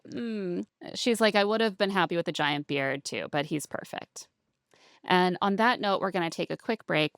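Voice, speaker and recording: Female podcast co-host, low gravelly voice, wry and mocking, dead-dry sound. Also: no echo. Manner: sarcastic, mocking quotes of cast, laughs often. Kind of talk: casual recap chat.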